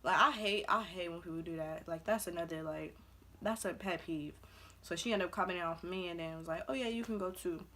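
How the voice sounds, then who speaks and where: A woman's voice: fairly low pitch, fairly even intonation, a little fast, pushed and bright. A young adult woman from Belize, a vlogger telling a casual storytime, chatty and full of "like", acting out the quotes. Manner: chatty, heavy use of "like", acts out quotes.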